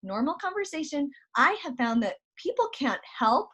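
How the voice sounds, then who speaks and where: A woman's voice: high-pitched, sing-song, normal speed, fairly bright tone. A woman hosting an online training call, talking in a chatty, conversational way. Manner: chatty, conversational, self-correcting. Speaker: host.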